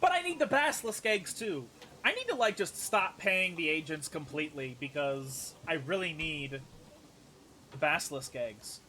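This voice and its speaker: Male streamer, bright and sharp, casual let's play chatter with faint room noise. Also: fairly high pitch, expressive, moderate pace. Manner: casual, swearing, thinking aloud.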